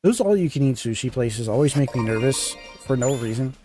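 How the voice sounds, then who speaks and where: A man chats casually while streaming a game, rambling and restarting his sentences with plenty of fillers. His voice is mellow and of middling pitch, with faint game music under it. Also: animated, a little fast, slightly rough. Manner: rambling, filler-heavy, self-interrupting. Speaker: gaming streamer. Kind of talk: casual live-stream chat.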